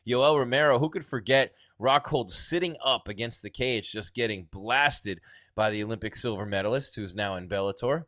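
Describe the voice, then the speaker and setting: A livestream host with a mid-range voice talks at a moderate pace about an upcoming fight, reading viewer comments aloud in a chatty way. The audio is studio quality with no echo, and he tends to trail off quietly.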